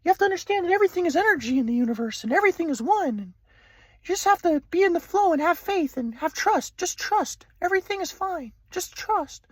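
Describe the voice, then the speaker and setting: Brief: man putting on a high, gentle old grandpa who lectures softly, dry close sound. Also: expressive, fast talker, no echo. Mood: soothing. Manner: soothing, lecturing about oneness and trust. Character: calm preachy grandfather, older man.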